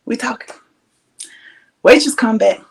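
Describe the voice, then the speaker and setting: A woman hosting a podcast, telling a story in a casual, animated and profane way, laughing often. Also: on the high side, measured pace, gravelly. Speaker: podcast host.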